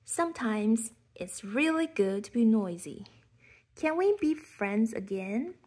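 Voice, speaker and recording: Woman doing a gentle storybook boy animal. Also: a little high, expressive, takes it slowly, breathy edge, heavily acted.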